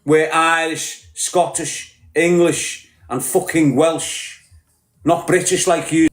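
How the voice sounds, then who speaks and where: A man's voice: on the high side, steady tone, slow pace, reverberant. A man with a Liverpool accent ranting bluntly on a podcast, combative and full of swearing. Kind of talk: heated podcast rant.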